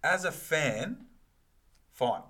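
A man's voice: a little high, very animated, sharp tone. Firm Australian man pushing back. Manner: firm, measured, pushes back. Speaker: podcast co-host. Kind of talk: casual chat.

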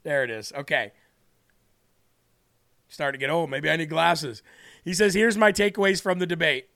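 American male commentary host, high bright gravelly voice, mocking and animated. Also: moderate pace. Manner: animated, mocking, frequent laughs and rhetorical questions. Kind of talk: live online political commentary.

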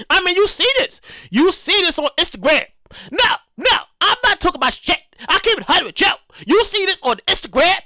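A man's voice: very high-pitched, bright, forceful tone, no echo. A man on a casual, profane rant to camera, emphatic and repetitive. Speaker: vlogger. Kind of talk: casual ranting monologue.

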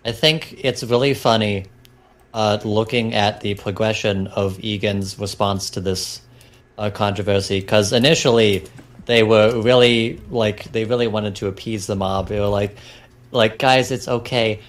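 A man's voice: lowish voice, fairly even intonation, unhurried. A man co-hosting a casual podcast chat, wry and joking in his commentary. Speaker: podcast co-host.

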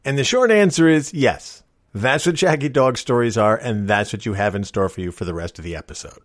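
A middle-aged man telling a long joke story in a casual, wry, deadpan way, as host of a storytelling show. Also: medium pitch, brisk, no echo, studio quality. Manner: wry, deadpan joking delivery.

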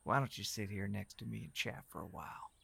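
A man's voice: lowish voice, animated, fairly quick, creaky, bright, forceful tone, husky, exaggerated voice. A man voicing a creepy, predatory middle-aged gardener with an oily, leering manner in a horror audio story. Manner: oily, leering, drops to sneering whispers.

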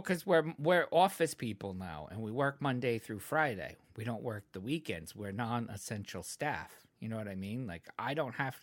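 This man, a podcast host and editor, talks at medium pitch in a dry space with no room sound. His casual chat rambles, full of fillers and offhand swearing, and he stays close to the mic, sometimes trailing off quietly.

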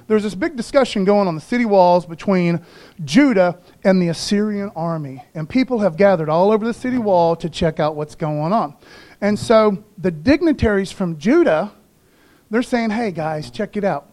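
A man's voice: high-pitched, darkish tone. A man pastor preaching a conversational sermon in slangy everyday talk, calling for responses from the congregation.

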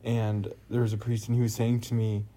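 A young man with a lowish voice co-hosts a relaxed faith conversation. He tells stories in a chatty, animated way, full of fillers and asides. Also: a little fast. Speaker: podcast co-host. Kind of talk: casual faith chat.

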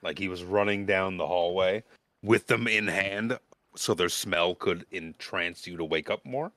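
A man narrating as game master of a tabletop game, chatty and animated. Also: low voice, unhurried, no echo.

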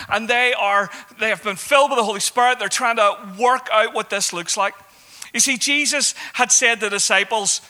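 A man delivering a sermon with a high, sharply bright voice. He speaks conversationally and pauses to search for words. Then he lifts into emphatic exhortations. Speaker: preacher.

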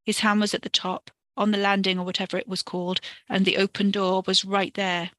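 A woman reading a story for a podcast in a steady, expressive way. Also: mid-range voice, brisk, no echo. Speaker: podcast narrator.

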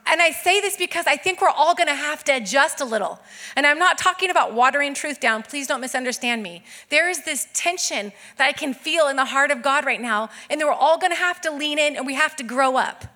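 A woman's voice: high voice, a little fast. A woman pastor in her thirties preaching a sermon, telling stories animatedly and acting out the voices of the people in them. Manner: animated storytelling with acted-out quotes.

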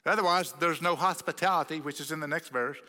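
A man's voice: on the high side, fairly even intonation, quick pace, bright, forceful tone. A man with a Texan accent, a pastor preaching a sermon, telling a story animatedly and acting out the quoted voices. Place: church sanctuary. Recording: long reverb of a church hall.

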